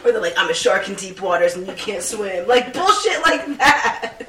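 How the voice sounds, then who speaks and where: A woman's voice: medium pitch, very animated, normal speed, fairly bright tone, far from the mic, slight background noise. A young woman co-hosting a casual chat, ranting sarcastically and swearing a lot. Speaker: podcast co-host. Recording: echoey room, off mic.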